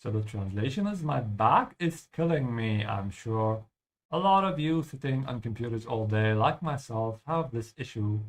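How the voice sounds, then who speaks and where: A man's voice: medium pitch, animated, moderate pace. A man teaching German while playing a game, explaining patiently and ending his points with "yeah?". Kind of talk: language lesson over gameplay.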